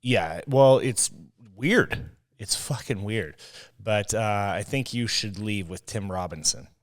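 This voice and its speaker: This podcast co-host, a young adult man, talks slowly in a lowish voice. The chat is casual and rambling, peppered with profanity and frequent laughter.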